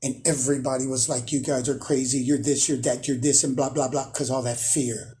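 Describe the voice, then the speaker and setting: A man's voice: mid-range voice, little pitch movement, a little fast, warm tone. Boastful man ranting with emphatic repetition. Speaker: spiritual channel host. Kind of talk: casual monologue to camera.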